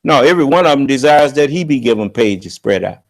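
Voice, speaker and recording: A man preaching on scripture with emphatic, confrontational delivery, slowing down to draw out quoted verses. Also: mid-range voice, lively intonation. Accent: American. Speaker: religious leader and teacher.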